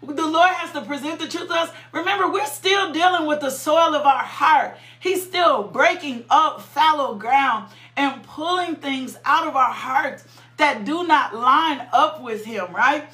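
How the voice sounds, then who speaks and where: A woman preaching with a high, bright voice, taking her time and repeating lines for weight. She slips into prayer and sudden high cries of praise. The sound is roomy and echoing, as in a church. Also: unhurried. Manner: fervent, breaks into high cries of "ooh" and laughter. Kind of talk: sermon.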